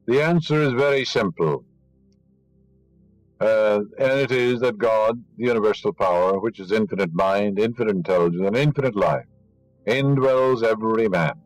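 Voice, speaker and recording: Low-voiced man giving an emphatic spiritual lecture. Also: normal speed, no room sound, faint music behind, rough recording. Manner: emphatic, scornful of superstition; teaching, rhetorical questions. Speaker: inspirational lecturer.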